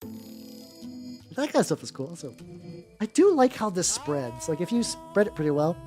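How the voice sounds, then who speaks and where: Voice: medium pitch, unhurried. A miniature-painting streamer chatting casually and rambling through tangents while painting. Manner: rambling and animated, full of fillers and tangents. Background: faint background music.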